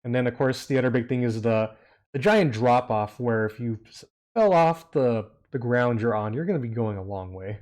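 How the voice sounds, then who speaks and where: A man with a mid-range voice, speaking at a moderate pace, runs a tabletop game as game master. He describes scenes loosely and ramblingly, with many hesitations, while soft music plays in the background.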